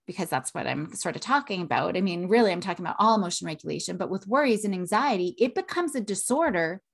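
A woman in her thirties hosting a solo parenting podcast, earnest, with a habit of tagging "right?" onto her points. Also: medium pitch. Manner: earnest, repeats "right?" often.

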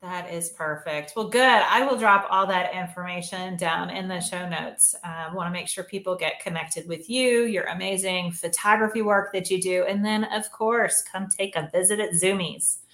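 A woman's voice: fairly low pitch, normal speed, hardly any pauses, a bit bright, roomy sound. Upbeat woman podcast host. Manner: upbeat, affirming, laughs along. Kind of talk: casual interview chat.

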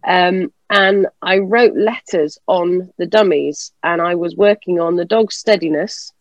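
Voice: mid-range voice, a little slow, no echo, lo-fi sound. A dog trainer speaking matter-of-factly on a panel. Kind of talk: casual panel discussion.

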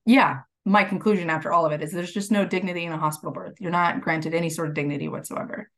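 A woman guest on a podcast, telling her story in a lively, laughing way and acting out what people said. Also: on the low side, quick pace. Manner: animated, laughs while telling, acts out quotes. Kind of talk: casual storytelling.

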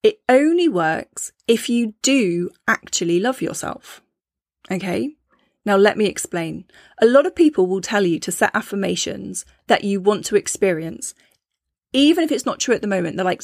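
A woman's voice: mid-range voice, animated, moderate pace, dry recording, clean studio sound. A woman hosting a podcast, explaining her topic in a conversational teaching tone and often checking in with her listeners. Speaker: podcast host.

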